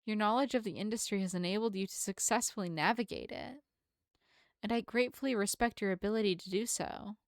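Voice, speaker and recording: A woman's voice: mid-range voice, fairly quick, no echo, close to an everyday voice. A woman voicing an earnest, polite young woman who talks in formal, apologetic phrases, reading a visual novel aloud with a dry sound.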